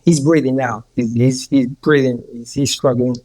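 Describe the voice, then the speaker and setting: A man's voice: mid-range voice, steady tone, normal speed, darkish tone. A man, a healer guest on a podcast, telling a story in a rambling way with many repeats and restarts. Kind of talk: casual storytelling.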